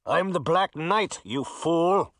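A man's voice: a little high, animated, slow, a bit bright, no room sound, studio quality, voice pushed up, full character voice. A man doing a growling masked villain knight. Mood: menacing. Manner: growled threats. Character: menacing male villain knight, muffled, growling.

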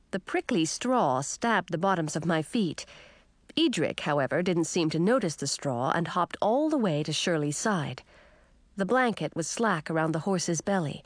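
Expressive woman reading a storybook. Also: fairly low pitch, no room sound. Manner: expressive, animated dialogue. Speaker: narrator.

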